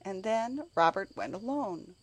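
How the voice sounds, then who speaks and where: Lively, breathy woman narrator. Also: mid-range voice, unhurried. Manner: expressive, animated reading. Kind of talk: storybook narration.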